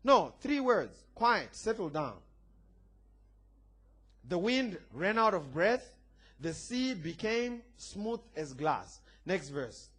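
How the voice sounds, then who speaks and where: A man with a high voice preaches a sermon with emphatic, animated delivery. He swings between loud declarations and quieter, playful asides, calling on the congregation to answer back. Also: takes it slowly, slightly rough. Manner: emphatic preaching with call-and-response. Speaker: pastor.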